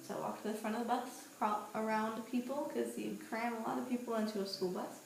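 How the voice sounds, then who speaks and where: A woman's voice: on the high side, fast talker, vocal fry. A woman in her twenties telling stories in a casual, playful vlog, walking outdoors and holding her camera. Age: 20s. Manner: chatty, animated, playful storytelling. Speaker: vlogger. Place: outdoors on a street at night. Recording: roomy echo with faint ambient noise.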